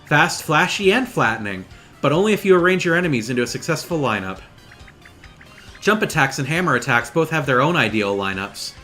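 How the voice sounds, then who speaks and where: A man's voice: animated, fairly quick, bright, forceful tone, soft background music. A man voicing an eager young paper girl guide. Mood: coaching. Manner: eager and coaching, pitched up. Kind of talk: reading game dialogue aloud.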